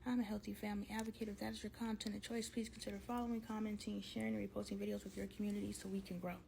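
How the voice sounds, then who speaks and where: A woman talking candidly to camera in a casual storytime vlog, slangy and animated, acting out both sides of an argument with her husband. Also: medium pitch, very fast, gravelly, slight background noise, rough recording. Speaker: vlogger.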